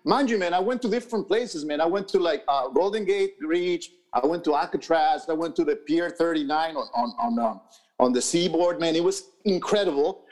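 Rambling, high-voiced casual male co-host. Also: normal speed, a little mellow. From New York. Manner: rambling, many fillers and restarts, profane. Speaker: podcast co-host. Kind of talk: casual chat. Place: podcast studio.

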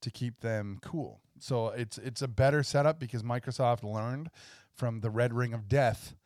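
A man with a middle-pitched voice co-hosting a podcast, explaining things in an easy, chatty way and laughing a lot. The recording is close and dry. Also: moderate pace, darkish tone, no echo. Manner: explanatory, laughs often, gamer talk. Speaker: podcast co-host. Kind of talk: casual podcast chat.

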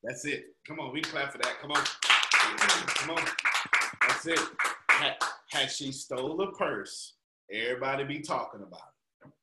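A man's voice: medium pitch, normal speed, pauses often, bright, forceful tone, reverberant, slight background noise, poor audio. A man coaching a group call, preaching his points in an emphatic, colloquial way. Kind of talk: motivational teaching on a call.

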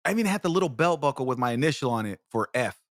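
A man's voice: mid-range voice, lively intonation, racing, no room sound, studio quality. A man hosting a show, telling comic stories in a rambling, profane way with many restarts. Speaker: show host. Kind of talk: comedic storytelling.

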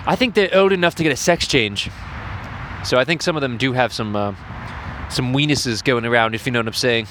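A man's voice: medium pitch, fairly quick, a bit bright, slight background noise. A man giving crude, profane running commentary from the stands of a lacrosse game outdoors. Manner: profane ranting, frequent swearing. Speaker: host.

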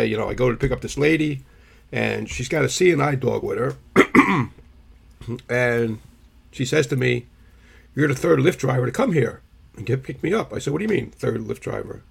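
Gravelly man telling rambling stories. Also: mid-range voice. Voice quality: gravelly, husky. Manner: rambling anecdotes, frequent throat clearing. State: throat irritation. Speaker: podcast co-host. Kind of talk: casual storytelling chat.

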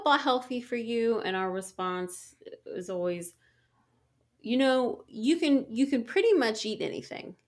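Woman, thirties, casual candid chat, blunt, swears, mid-pitched voice. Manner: candid, swears freely, halting restarts.

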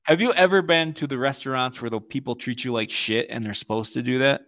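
A man's voice: medium pitch, fairly quick, a bit bright. A man co-hosting a podcast in casual chat, telling profane stories and acting out the quotes. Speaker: podcast co-host.

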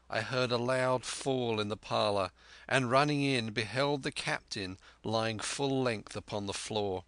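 A man narrating a storybook tale in a measured, vivid reading. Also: mid-range voice, vocal fry, a bit bright, no room sound.

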